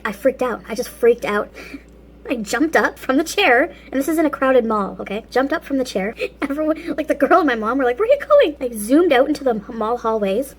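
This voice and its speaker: A vlog host tells a story in a casual video while eating, talking with food in her mouth and laughing often between phrases. Her voice is high and slightly rough, at a normal speed.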